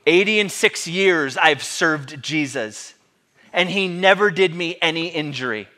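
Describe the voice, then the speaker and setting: A man voicing an elderly martyr in his eighties who answers with calm, bold defiance. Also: medium pitch, moderate pace, natural voice. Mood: defiant. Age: 80s. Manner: steady, defiant.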